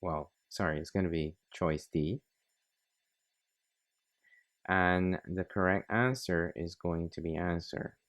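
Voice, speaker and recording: A man's voice: low-pitched, takes it slowly, long pauses, a bit bright. A man narrating a coding tutorial, talking methodically through each step. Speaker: programming tutor. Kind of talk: screen-recorded coding tutorial.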